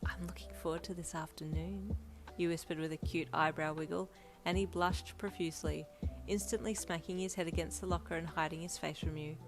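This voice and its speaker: A woman narrating a fanfiction audiobook in a steady storytelling manner. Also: low voice, a little fast. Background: faint lo-fi music.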